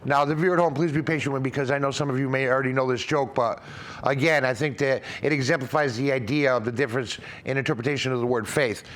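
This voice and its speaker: A man's voice: mid-range voice, fairly even intonation, fast, a bit bright. A man hosting an explanatory talk, earnest and rambling with many restarts. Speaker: host. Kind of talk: explanatory talk on religious ideas.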